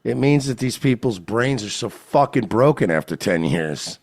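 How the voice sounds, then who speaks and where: A man's voice: mid-range voice, lively intonation, moderate pace, a little mellow, husky, no echo. A man co-hosting a podcast, throwing in crude, sarcastic quips. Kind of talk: casual comedic banter.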